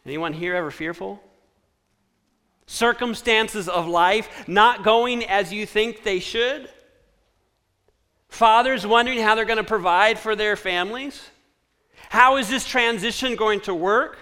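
A man preaching a sermon, posing rhetorical questions and dropping to a hushed tone to repeat a scripture refrain. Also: sits high, unhurried, pauses often. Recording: echoey hall with long reverb.

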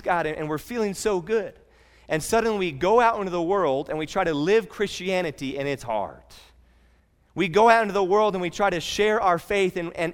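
Earnest preacher in a reverberant hall. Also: male voice, high-pitched, fairly bright tone. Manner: earnest, conversational preaching with frequent restarts. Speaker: pastor. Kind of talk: sermon.

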